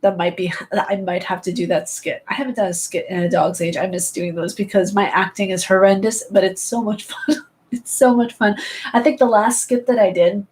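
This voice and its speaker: A woman's voice: mid-range voice, steady tone, moderate pace, darkish tone, low-quality recording. A woman gaming streamer chatting casually and playfully with her live viewers, jumping from topic to topic.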